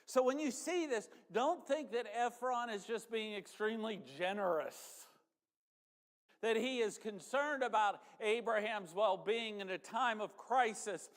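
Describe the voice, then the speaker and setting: A male pastor preaches in a slow, unhurried way, with folksy asides to his congregation. His voice sits high for a man. The sound rings with the long reverb of a church sanctuary. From northern United States. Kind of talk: sermon.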